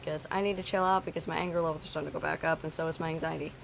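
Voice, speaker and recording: A woman's voice: sits low, fairly even intonation, rapid-fire, gravelly, slight background noise, poor audio. A woman streamer talking to her chat, venting bluntly and swearing freely. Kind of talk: casual talk to stream chat.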